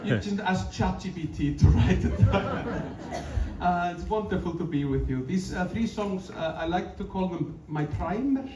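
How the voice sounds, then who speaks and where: A man's voice: sits high, lively intonation, moderate pace. A man with an Icelandic accent, a singer-songwriter from Iceland, chatting and joking between songs on a live stage, playful and self-mocking, often laughing. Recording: echoey live room, distant mic, background noise.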